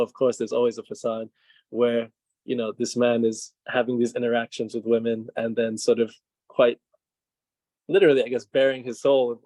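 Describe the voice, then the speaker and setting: A man with a medium-pitched, warm voice, a filmmaker appearing as a guest, talks on a video call in a casual conversational interview. He's hesitant, with many fillers and restarts, and there's no echo.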